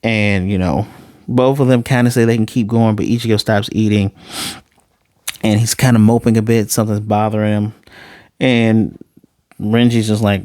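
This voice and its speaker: A man casually recapping and reviewing an anime episode, talking excitedly and rambling straight to his viewers. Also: on the low side, normal speed, pauses often.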